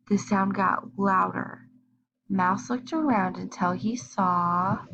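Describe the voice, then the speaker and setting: Slow, gravelly woman reading a picture book. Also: mid-range voice, dull audio, noisy background. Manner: slow, expressive reading with questions to young listeners. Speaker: storybook reader. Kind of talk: children's read-aloud storytime.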